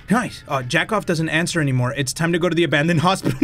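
A young man doing let's-play commentary of a horror game, loud and jumpy, swearing and breaking into Spanish exclamations. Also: on the high side, animated, quick pace, hardly any pauses. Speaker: gaming YouTuber.

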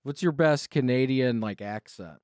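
A man's voice: mid-range voice, a little mellow, no room sound, studio quality. Joking man hosting a podcast. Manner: playful, teasing, quick asides. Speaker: podcast host. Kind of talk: casual comedy podcast chat. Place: studio.

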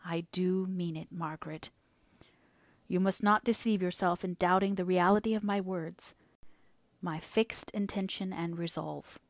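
A woman voicing an anxious older clergyman father in an audiobook, speaking slowly and solemnly. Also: medium pitch, animated, no room sound, close to an everyday voice. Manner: slow, measured, solemn. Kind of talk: audiobook character voice.

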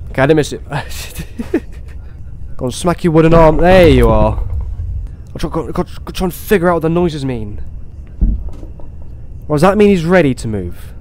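A young man playing a horror game, talking to himself and swearing, with sudden excited outbursts. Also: fairly high pitch, unhurried, pauses often, a little hiss or hum. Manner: swears, talks to himself, swings between muttering and excited outbursts. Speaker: gaming YouTuber. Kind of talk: horror game let's play commentary.

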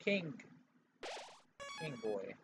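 A man giving casual gameplay commentary, swearing and reacting loudly to what happens, with game music behind. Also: on the high side, big pitch swings, very slow, vocal fry, rough recording. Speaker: let's player.

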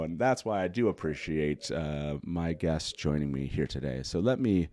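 A man's voice: sits low, darkish tone, dry recording, clean studio sound. A man hosting a casual live talk show, rambling and correcting himself with a chuckle. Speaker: host.

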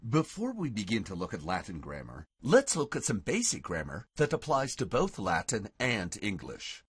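A man with a low, husky voice teaches a Latin lesson, his pitch rising and falling a lot. He recites verse slowly and deliberately so learners can follow. The sound is dry and close. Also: huge pitch swings, dry recording. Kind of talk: recorded language lesson.

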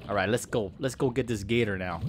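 A man's voice: lowish voice, fast, background noise, close to an everyday voice. A man voicing a dim-witted, rambling redneck crayfish farmer, stumbling and boasting as he plays a game. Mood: boastful. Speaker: gaming YouTuber. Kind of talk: improvised comic character commentary over gameplay.

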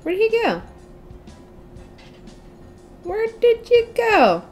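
A woman's voice: very high-pitched, huge pitch swings, drawn-out words, darkish tone, faint music behind. A young woman giving casual gameplay commentary, gushing and squealing over cute things with lots of giggles. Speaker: gaming channel host.

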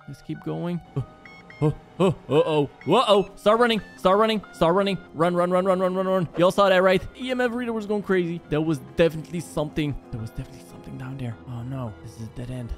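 A man's voice: fairly high pitch, a little mellow. A young man in gaming commentary, talking to viewers and getting panicky as he runs through a maze. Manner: jumpy, panicky, talks to viewers as guys. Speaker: gaming YouTuber. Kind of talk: horror game commentary. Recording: game music behind.

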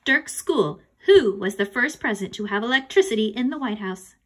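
A woman voicing an excitable grown man hosting a school quiz, announcing in a bouncy way. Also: fairly high pitch, normal speed, a little hiss or hum, close to an everyday voice. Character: excitable adult male quiz host.

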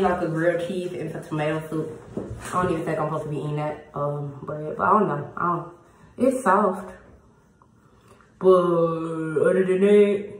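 A young woman chatting in a casual vlog, slangy and blunt with plenty of swearing, her jaw numb after a tooth was pulled. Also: sits low. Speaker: vlogger. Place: at home, indoors. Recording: echoey room with faint noise.

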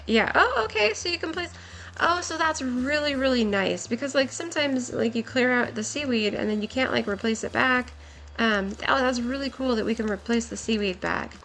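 Young woman, game commentary, gushing and laughing, slightly high voice, worn voice. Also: creaky, a bit bright, slight background noise. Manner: gushing, giggly, exclaims often. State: voice nearly gone, worn. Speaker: game streamer. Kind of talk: excited gameplay commentary.

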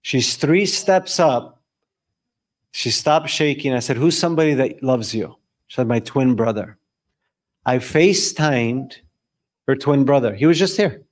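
A young man leading a live group discussion before an audience in a room, telling stories and questioning the room in an animated way. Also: medium pitch, unhurried. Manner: animated, storytelling, quizzing the audience. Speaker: discussion leader.

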